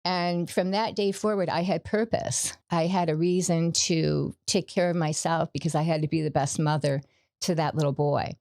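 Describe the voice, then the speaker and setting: A middle-aged woman gives a personal testimony as a podcast guest, earnest and story-driven. Her voice sits a little low. The sound is dry and close. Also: steady tone, normal speed, darkish tone, no room sound. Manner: earnest storytelling, acts out quoted dialogue.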